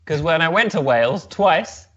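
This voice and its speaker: A man's voice: on the high side, lively intonation, normal speed, fairly bright tone. A male comedian chatting casually as an interview guest, rambling with restarts and laughs. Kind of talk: casual chat. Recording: slightly dull, muffled sound.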